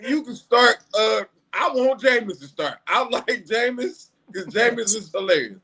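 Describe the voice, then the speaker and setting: A man in a casual sports chat who jokes around and waves off the topic, using dramatic pauses. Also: extremely high pitch, lively intonation, sharp tone, slightly rough. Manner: dismissive, playful, dramatic pauses.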